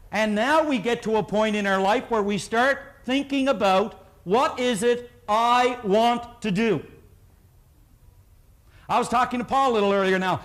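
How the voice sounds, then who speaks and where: A man with a notably high voice speaks to a live room as a motivational seminar speaker. He tells stories and has the audience repeat words back to him. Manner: storytelling, leads the audience in call-and-response.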